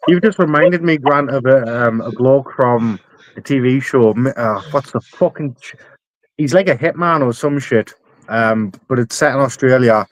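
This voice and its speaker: A man's voice: medium pitch, normal speed, dry recording. A British man in a casual online chat, blunt and swearing casually.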